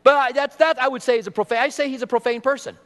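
A middle-aged man preaching a sermon as pastor, animated, acting out quoted voices as he goes. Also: extremely high pitch, very fast. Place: church sanctuary. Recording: long hall reverb.

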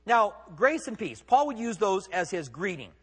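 A man's voice: sits high, very animated, normal speed, fairly bright tone, slightly rough, big-room sound. A man preaching a sermon as pastor, conversational and emphatic, with rhetorical questions.

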